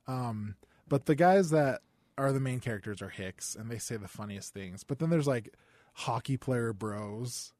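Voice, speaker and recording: A man co-hosting a podcast in a relaxed, enthusiastic casual chat. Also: mid-range voice, unhurried, no echo. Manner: relaxed, enthusiastic, laughs easily. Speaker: podcast co-host.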